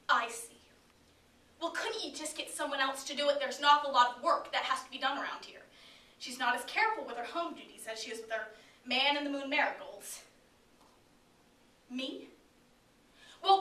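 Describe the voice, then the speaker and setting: A woman's voice: sits high, bright, forceful tone. A young woman playing a bitter, scornful mother. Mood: cold. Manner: sarcastic, cutting, mocking. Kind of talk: solo dramatic interpretation. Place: competition room. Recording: echoey room from far off.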